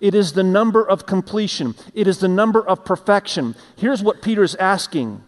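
A male pastor delivers an earnest sermon in a church sanctuary. His voice sits a little high for a man. He sinks soft and low to drive his points home, and a long reverb trails from the hall. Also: lively intonation, normal speed. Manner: earnest preaching, often dropping soft and low for emphasis.

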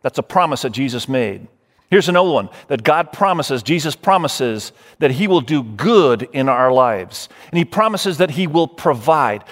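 A man's voice: mid-range voice, expressive, moderate pace. A man preaching a sermon as pastor, emphatic, running through lists and speaking straight to his listeners. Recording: long hall reverb.

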